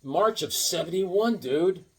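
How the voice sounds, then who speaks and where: Casual male vlogger, high voice that jumps all over, excitable and rambling with groan-worthy jokes. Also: takes it slowly, slightly rough. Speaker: comic book collector showing new comics. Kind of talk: casual vlog chat.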